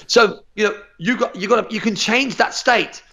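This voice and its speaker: A martial arts instructor talking on a podcast, energetic and emphatic, swearing freely and tripping over repeated words. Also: male voice, sits high, normal speed. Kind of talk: motivational podcast chat.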